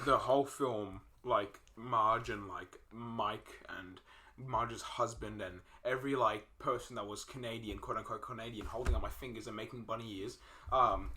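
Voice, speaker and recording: A young man with a medium-pitched, sharp voice co-hosts a podcast, casually retelling film scenes. His retelling rambles, full of fillers and restarts.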